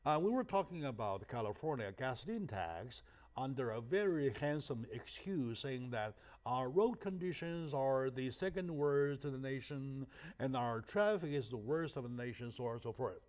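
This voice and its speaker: A man's voice: medium pitch, lively intonation, normal speed, a little mellow. A man whose first language is Chinese hosting a talk show, emphatic and fond of rhetorical questions with a tag "right?". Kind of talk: animated interview talk.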